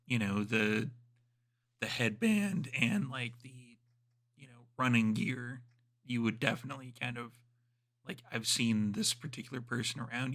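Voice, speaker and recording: A man's voice: mid-range voice, a bit bright. A man narrating as storyteller of a tabletop role-playing game, describing scenes loosely with many fillers.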